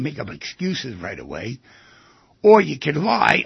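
Husky, gravelly man talking with big swings. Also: normal speed, dry recording. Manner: animated, acts out quoted lines with big swings of pitch. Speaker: speaker on relationships. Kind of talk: lively talk. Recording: dry, dull lo-fi sound.

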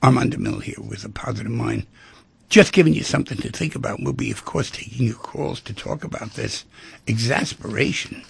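A middle-aged man on a radio talk show reflects on feelings and relationships in a relaxed way, voicing the characters in little scenes he describes. He talks fairly quickly at medium pitch, his voice gravelly and slightly rough, with no room sound.

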